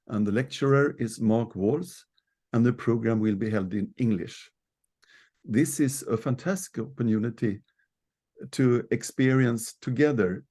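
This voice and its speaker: Mellow-voiced man hosting an online session. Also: mid-range voice. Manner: formal, measured, announcement-like. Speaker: host, board member. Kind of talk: formal event introduction. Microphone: video call.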